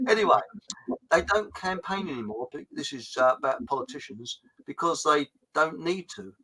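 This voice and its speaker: Bright-voiced rambling man. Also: a little high, moderate pace, rough recording. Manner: rambling, hesitant, full of ums and restarts. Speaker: host. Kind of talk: casual livestream chat.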